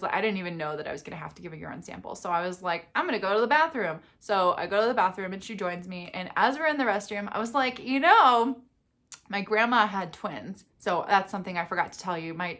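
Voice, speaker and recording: A young woman in a casual storytime vlog, telling her story in an animated way and acting out the quotes. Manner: animated storyteller, acts out quotes with big pitch jumps. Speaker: vlogger.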